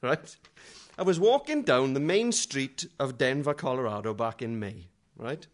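Expressive and medium-pitched, a middle-aged man preaches at a measured pace. He keeps it conversational and humorous, moving from hushed asides to loud dramatic readings.

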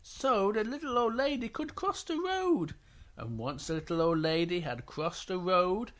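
A man's voice: on the high side, fairly bright tone. A father playfully improvising a bedtime story for his child, stopping to ask the child questions.

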